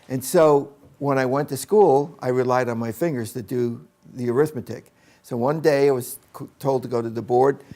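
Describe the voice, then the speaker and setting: An older man with a gravelly, creaky voice tells a personal story from his schooldays. He speaks like an educator at a mid pitch, in a loose, anecdotal style. He often stops to act out the people in the story. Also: darkish tone. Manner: anecdotal, with acted-out quotes.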